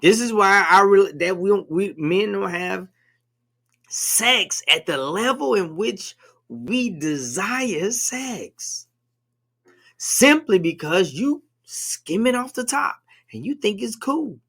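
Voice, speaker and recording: Gravelly high-voiced man hosting. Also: animated, slow pace, sharp tone. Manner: emphatic, preachy, asks leading questions. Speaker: podcast co-host. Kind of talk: casual conversation.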